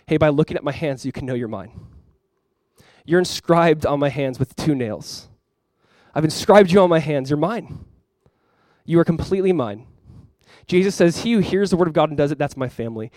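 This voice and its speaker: A man's voice: a little high, animated, moderate pace, darkish tone, no room sound, clean studio sound. A young man preaching a sermon to his church as pastor, earnest and conversational, with many fillers.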